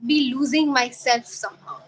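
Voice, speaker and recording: A woman's voice: sits high, steady tone, moderate pace, slightly rough, poor audio. A woman reflecting aloud in a casual group conversation over a video call, hesitant and full of filler words. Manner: musing, hesitant, many "like" fillers. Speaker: panel participant.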